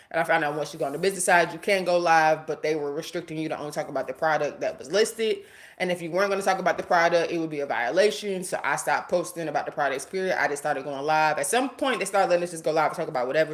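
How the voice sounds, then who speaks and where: A woman live streaming, ranting casually and bluntly to her viewers, talking to the chat and swearing freely. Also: low-pitched. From United States. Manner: blunt, animated, talks straight to viewers and chat. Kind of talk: casual livestream rant.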